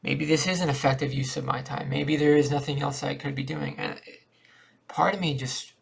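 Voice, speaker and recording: A man's voice: fairly high pitch, steady tone, moderate pace, gravelly, husky. A man rambling in a downbeat, repetitive confessional monologue to a cheap webcam at home. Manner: downbeat, repetitive, thinking aloud. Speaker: vlogger.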